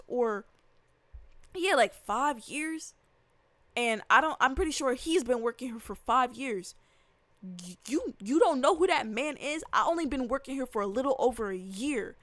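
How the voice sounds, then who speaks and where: A young woman rants in a loose, animated way, full of slang, cursing and repeated emphasis. Her voice sits fairly high, and the recording is dry and close with no room sound. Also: no room sound. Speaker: vlogger reacting to a video. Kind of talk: casual rant.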